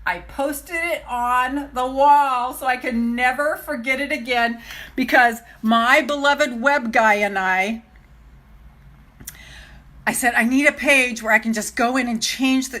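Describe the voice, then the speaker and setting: In this live video chat, an older woman who coaches self-love gushes to her followers from home, greeting people as they arrive via her phone camera. Her voice is on the high side, bright and forceful, delivered at a measured pace.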